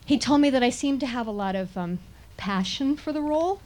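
A woman telling a funny first-person story in an animated way, often laughing and sounding indignant. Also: high voice, fairly quick, slight background noise.

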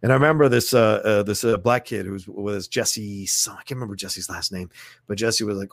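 A man who is a podcast guest, telling a personal story in a blunt, profane, animated way, recorded close to a studio mic. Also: mid-range voice, fairly quick, gravelly, no room sound. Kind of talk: casual storytelling in conversation.

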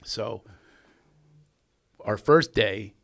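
Male podcast host, gravelly and animated; spins a funny anecdote with lots of pitch swing. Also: very slow. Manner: animated, laughing storyteller doing impressions. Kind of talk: storytelling.

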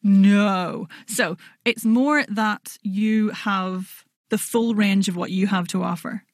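Woman voice coach talking technique, clear, plays with sounds now and then, dead dry mic. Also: medium pitch, slow pace, no echo. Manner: warm, articulate, demonstrates sounds playfully. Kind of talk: explanatory interview chat.

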